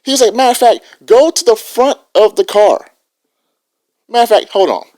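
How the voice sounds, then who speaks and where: A man's voice: very high voice, expressive, moderate pace, a little mellow. A man co-hosting a podcast, animatedly retelling a story with lots of profanity. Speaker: podcast co-host. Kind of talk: casual podcast banter.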